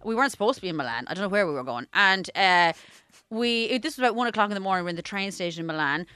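An Irish woman spins funny stories in a casual chat, her pitch swooping up and down and her tone bright. She laughs often and slips into voices for the people in her tales. The sound is dry and close. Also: racing, clean tone, no echo. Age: adult. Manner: lively anecdotes, laughing, acts out voices. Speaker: guest. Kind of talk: comic storytelling chat.

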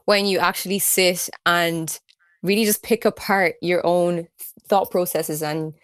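A woman hosts a podcast conversation in a fairly low voice, recorded dry and close with no room echo. She affirms her guest and then muses at length, repeating words as she gathers her thoughts. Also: fairly even intonation, unhurried. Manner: warmly affirming, thoughtful, repeats words while searching for them. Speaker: podcast host. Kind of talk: casual interview chat.

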